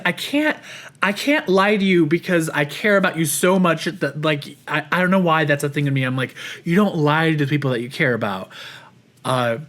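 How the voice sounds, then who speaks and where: A man's voice: a little high, fairly bright tone. A man hosting a podcast, talking through a personal check-in in a reflective, rambling way with many restarts and fillers. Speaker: podcast host.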